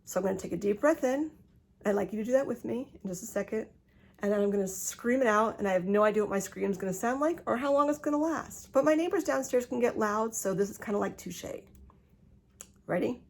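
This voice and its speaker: A middle-aged woman talking casually into her phone at home, chatty and often laughing, with quick restarts. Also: on the high side, expressive, gravelly. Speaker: vlogger. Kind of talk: casual personal vlog. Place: home, indoors.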